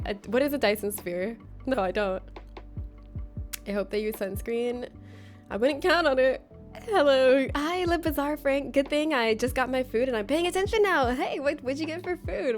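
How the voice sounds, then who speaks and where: A woman livestreaming a game, chatting casually with viewers, rambling and giggling often. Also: a little high.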